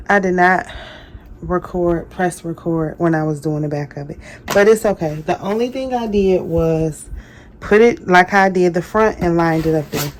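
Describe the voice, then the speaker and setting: A chatty woman walks viewers through a casual craft tutorial. She talks loosely, pokes fun at herself and apologizes often, with faint room noise in the background. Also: fairly low pitch. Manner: chatty, apologetic, self-deprecating. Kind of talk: casual how-to demonstration.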